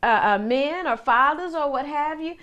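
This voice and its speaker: Woman, high voice, minister, conversational Bible teaching, rhetorical questions. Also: lively intonation, normal speed, fairly bright tone, muffled recording. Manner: talks to listeners with rhetorical questions and restarts.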